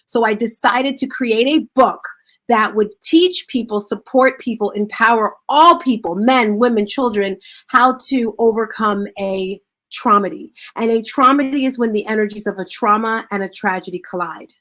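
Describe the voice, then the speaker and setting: A woman author talking about her book in an interview, telling stories in an animated, upbeat way. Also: on the high side, normal speed. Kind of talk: casual interview talk.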